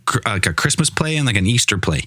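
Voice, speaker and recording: A man's voice: lowish voice, very animated, fast talker. A man co-hosting a casual podcast who talks bluntly and swears casually. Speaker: podcast co-host. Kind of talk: casual chat. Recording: loud background noise.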